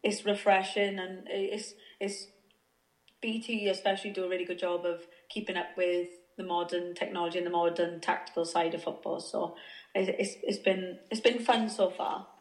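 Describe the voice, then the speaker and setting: A woman's voice: fairly low pitch, flat delivery, moderate pace, roomy sound. A woman in her thirties from Wales, a footballer talking as a guest on a remote call, hesitant with many fillers and restarts. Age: 30s. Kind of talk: remote interview chat.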